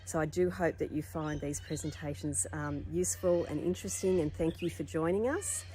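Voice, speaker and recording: A woman hosting an event, giving welcoming remarks in a gentle, measured way. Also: low-pitched, a little hiss or hum. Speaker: event host.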